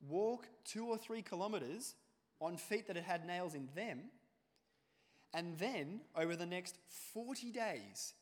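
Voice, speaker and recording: A male preacher, delivering a sermon with animated storytelling and acted-out quotes. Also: sits high, a little slow. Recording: long hall reverb.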